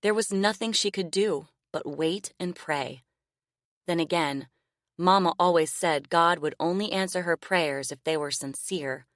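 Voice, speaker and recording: A woman narrating a novel audiobook in a measured, expressive reading style. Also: fairly low pitch, dry recording, clean studio sound. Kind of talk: scripted narration.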